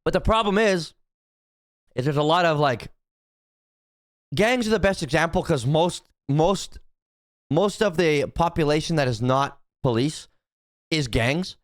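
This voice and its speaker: A man's voice: on the high side, animated, a little slow, pauses often, no echo, clean studio sound. Rambling profane young man streamer. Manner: rambling, profane, many restarts and repeated "right?". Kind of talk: casual opinion chat to stream chat.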